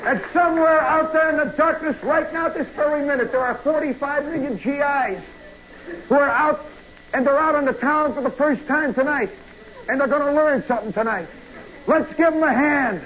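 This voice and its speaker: A man telling a comic story in a live radio monologue, swinging from hushed asides to loud yelps. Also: extremely high pitch, moderate pace. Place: nightclub stage. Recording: muffled vintage radio broadcast with hiss.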